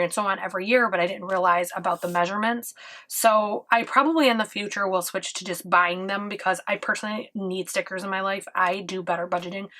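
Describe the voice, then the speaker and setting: Woman host, forties, bright tone, winded, explains things patiently. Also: medium pitch. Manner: chatty, earnest, explains step by step. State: out of breath from illness. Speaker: budgeting channel host. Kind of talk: casual talking-to-camera vlog.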